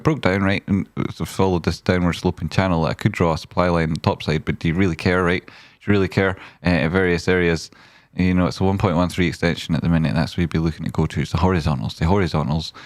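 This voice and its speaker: Male stream host, low-pitched, rambling and jokey chart talk, dry close sound. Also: no room sound. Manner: rambling and jokey, repeats "right?". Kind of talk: casual chart commentary.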